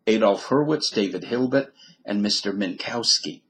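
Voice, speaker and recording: A man's voice: fairly low pitch, normal speed, fairly bright tone, low-quality recording. A man reading a mathematician's biography aloud who keeps breaking off into wisecracking asides and comments on his own reading.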